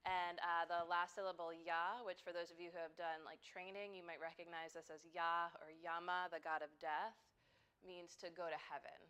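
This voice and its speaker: A woman's voice: on the low side, normal speed, clean tone. A middle-aged woman leading a yoga class in an easygoing, conversational way, speaking to the students in the studio. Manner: relaxed and conversational, with frequent "um" and "like". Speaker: yoga teacher. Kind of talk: casual talk to a yoga class.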